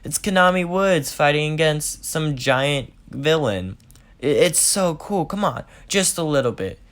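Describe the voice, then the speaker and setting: Man putting on an excitable young hero's high voice. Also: a little slow. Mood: excited, pleading. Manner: high, gushing and pleading. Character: eager, excitable boy hero who is a superpower fan.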